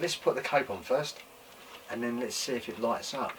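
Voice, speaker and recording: A man hosting his own toy collecting show, chatting casually and excitedly, repeating exclamations, swearing freely and losing his voice a bit. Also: medium pitch, normal speed, pauses often, far from the mic. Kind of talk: casual show-and-tell chat. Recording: mic set back from speaker, faint room noise.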